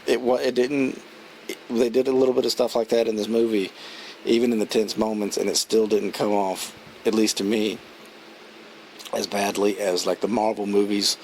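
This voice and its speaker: A man with a lowish voice talks through a film review in a loose, rambling way, restarting sentences and chuckling as he retells scenes. A faint hum of room ambience sits behind him. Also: little pitch movement, normal speed, darkish tone, rough recording. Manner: rambling, chatty, many restarts and fillers. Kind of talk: casual spoken film review.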